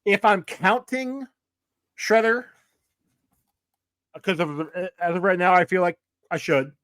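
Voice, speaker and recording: A man's voice: high-pitched, lively intonation, slow pace, fairly bright tone, smooth, no room sound, studio quality. A man co-hosting a movie-review podcast, chatting casually in an easygoing, hesitant way with frequent fillers. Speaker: podcast co-host.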